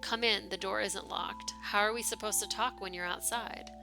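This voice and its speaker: A woman's voice: medium pitch, steady tone, normal speed, gravelly, music in the background, lightly acted. Woman reading a cryptic masked male patient. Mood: secretive. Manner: hushed, cryptic warnings. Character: secretive masked male hospital patient, urgent and warning.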